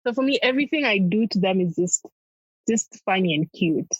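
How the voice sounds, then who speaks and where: A woman's voice: mid-range voice, fairly quick, dry recording, lo-fi sound. A young adult woman, a comedian guest, chatting animatedly and laughing often. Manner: animated, laughs often, acts out family in quotes. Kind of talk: casual interview chat.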